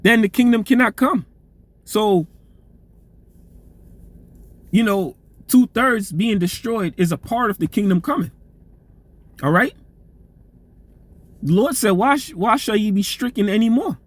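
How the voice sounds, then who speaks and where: High-voiced man preaching loosely. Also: expressive, measured pace, pauses often, dry recording. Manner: loose, profane preaching with frequent "man" tags; repeats words and restarts while reading aloud. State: voice getting strained. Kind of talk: informal scripture teaching.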